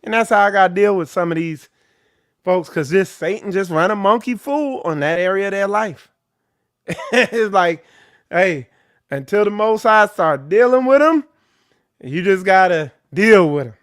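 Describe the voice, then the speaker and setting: A man's voice: high voice, animated, measured pace, fairly bright tone, no echo, studio quality. A man leading an informal ministry talk, preaching bluntly and with animation. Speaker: ministry leader. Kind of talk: informal sermon.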